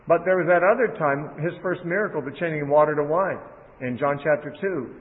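A man preaches on prayer in a conversational way, retelling scripture in plain everyday speech. His voice sits somewhat high for a man. The sound is narrow and phone-like, with a long echo trailing behind him. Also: fairly quick. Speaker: Bible teacher. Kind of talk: sermon. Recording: phone-like audio in a reverberant hall.

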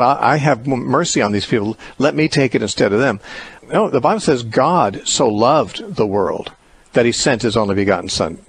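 A man hosting a call-in radio show, explaining Bible teaching in a measured, reasoning way with occasional restarts. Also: medium pitch, slightly rough. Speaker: radio host answering callers.

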